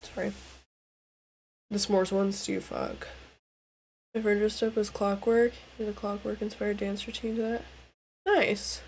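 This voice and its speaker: A young woman streaming a game, chatting casually in a crude, joking and excitable way. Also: medium pitch, a little slow, gravelly, pauses often, a little hiss or hum. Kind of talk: casual gameplay stream chat.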